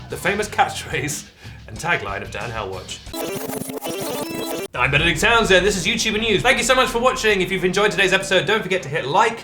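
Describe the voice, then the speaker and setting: Young guy hosting a silly news show, bright voice, bouncy delivery, dry jokes. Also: fairly high pitch. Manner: deadpan absurd humor with dramatic pauses. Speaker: host. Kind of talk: comedic scripted news segment.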